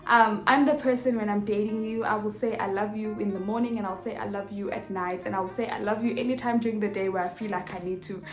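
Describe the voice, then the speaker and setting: A young woman telling a personal story in a casual vlog, animated and expressive, acting out the dialogue. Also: medium pitch, quick pace, few pauses. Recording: echoey room with faint music.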